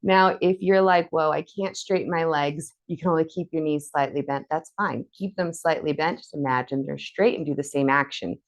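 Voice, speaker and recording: A woman with a fairly low voice leads a guided core workout, counting out reps and cheering the listener on. She sounds slightly breathless, as if she is doing every move herself. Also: brisk, few pauses. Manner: encouraging, counts reps aloud. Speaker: fitness instructor.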